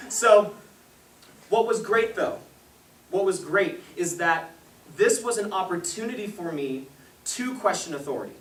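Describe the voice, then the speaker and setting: A man's voice: high voice, animated, moderate pace, fairly bright tone. A young man presenting a parenting seminar to a live audience, telling stories, laughing often and acting out the people he quotes. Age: young adult. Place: meeting room with a live audience. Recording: echoey room, distant mic, faint hiss.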